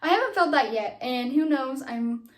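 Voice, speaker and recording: A woman's voice: high-pitched, animated, moderate pace. A young woman vlogger chatting casually to camera from a nursery at home, rambling with lots of fillers and a little out of breath.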